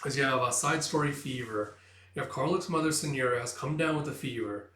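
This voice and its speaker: A man's voice: mid-range voice, brisk, sharp tone. A man casually retelling a comic, reading out the dialogue and leading each quoted line with "it's like.". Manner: chatty, leans on "it's like" to introduce quoted lines. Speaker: manga reviewer. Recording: roomy echo, voice heard from a distance.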